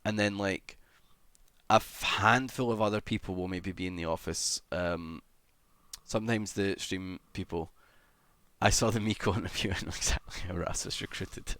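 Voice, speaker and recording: A man's voice: deep voice, normal speed, fairly bright tone. A young adult man livestreaming and chatting casually, rambling and self-deprecating, swearing often and humming idly between thoughts. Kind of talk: casual live-stream chat.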